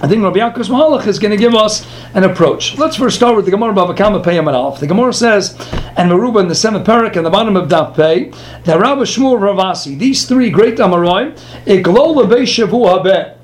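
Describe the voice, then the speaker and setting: A man's voice: high voice, a little hiss or hum. A man teaching a Talmud lesson, firing off rhetorical questions and answering them himself. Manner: animated, rhetorical questions, quick asides. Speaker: Torah teacher. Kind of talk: Talmud lecture.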